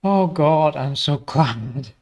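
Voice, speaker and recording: A man's voice: a little high, animated, slow, darkish tone. A man giving casual gameplay commentary, self-mocking and rambling, his voice tired. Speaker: gaming video creator.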